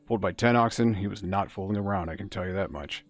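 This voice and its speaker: A man voicing a gruff, blunt male village castellan with a gravelly voice, reading game dialogue aloud. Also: low-pitched, fast talker, soft background music. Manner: blunt, matter-of-fact.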